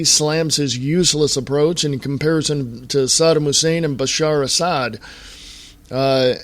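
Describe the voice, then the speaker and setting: A man hosting his own podcast, ranting about the news in an exasperated, drawn-out way and sighing now and then. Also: fairly high pitch, no echo. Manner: exasperated ranting, drawn-out deliberate delivery with sighs. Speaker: podcast host. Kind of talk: opinionated solo podcast commentary.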